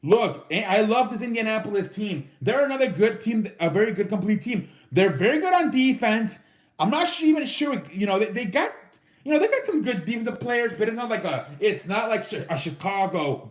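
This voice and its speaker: With a voice that sits high and a roomy sound, a sports show host loosely ranks football teams on his own program. His casual commentary is profane and littered with fillers.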